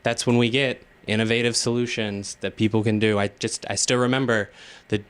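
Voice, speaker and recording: Smooth-voiced man giving a casual speech. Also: on the low side, steady tone, fairly quick. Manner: casual, grateful, quotes others. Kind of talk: speech at a public event.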